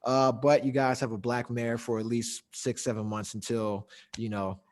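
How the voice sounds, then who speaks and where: A young man hosts a casual podcast chat. He swears freely and laughs between stories. His voice sits at an ordinary male pitch. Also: flat delivery, moderate pace. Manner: loose, profane, laughing storyteller. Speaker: podcast host.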